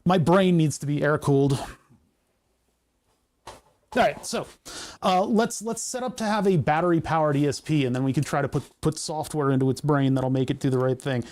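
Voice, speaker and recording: Male streamer, a touch high-pitched; loose, jokey think-aloud patter over hobby electronics work. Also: normal speed, a little mellow. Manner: rambling, jokey, thinks aloud through technical steps. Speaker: live streamer building electronics. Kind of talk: casual live-stream chat while working.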